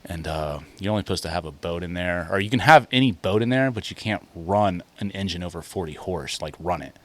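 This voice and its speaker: Low-voiced man swearing through a fishing yarn. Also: lively intonation, a little fast, no echo. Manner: profane rambling storyteller. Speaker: podcast guest. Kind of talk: casual chat. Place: lives in Florida.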